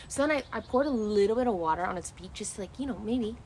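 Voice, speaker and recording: A woman's voice: fairly high pitch, very fast, few pauses, a little hiss or hum. Chatty young woman streaming outdoors. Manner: rambling and animated, with many restarts; loose, swearing freely. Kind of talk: casual chat.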